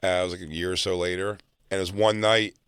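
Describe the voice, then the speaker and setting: Storytelling man with a low, dry voice. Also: fast talker, smooth, dry recording. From South Jersey, near Philadelphia. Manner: animated, acts out other people's lines. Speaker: comedian guest. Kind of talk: casual storytelling.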